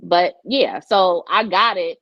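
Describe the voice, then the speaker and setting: Speaking slowly in a voice on the low side, a young adult woman co-hosts a podcast and tells candid dating stories, swearing freely in a casual chat. There's no room sound, and the recording has a dull lo-fi character.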